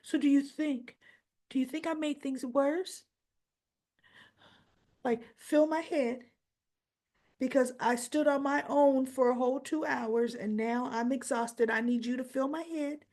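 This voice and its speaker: A woman's voice: high voice, fairly even intonation, measured pace, long pauses, a little mellow, voice pushed up. Anxious young woman, put on by a woman, pleading, raised tone, unsure. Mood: worried.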